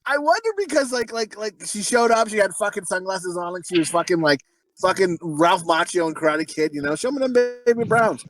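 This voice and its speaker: A man's voice: sits high, a little fast, a bit bright, no room sound, rough recording. A man co-hosting a podcast, riffing crudely and rambling, full of swearing and sudden put-on voices. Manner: profane, rambling, breaks into voices and giggles. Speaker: podcast co-host.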